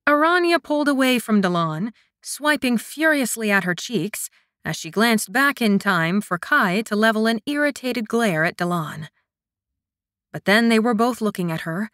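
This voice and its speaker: A soft-spoken woman gives a scripted audiobook narration of a romance. Her medium-pitched voice is captured in studio quality with no room sound.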